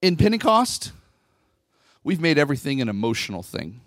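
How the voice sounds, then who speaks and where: A middle-aged male pastor preaching a Pentecostal sermon into a microphone in a church, talking conversationally and then swelling into loud, fervent bursts. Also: fairly high pitch, big pitch swings, moderate pace, dry recording, clean studio sound. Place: church sanctuary. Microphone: handheld microphone at the pulpit.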